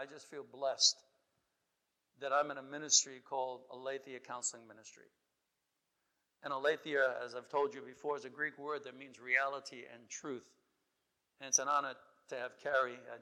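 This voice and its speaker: A man's voice: fairly high pitch, sharp tone, in a large hall, rough recording. A man preaching a sermon as a pastor, with building, emphatic exhortation.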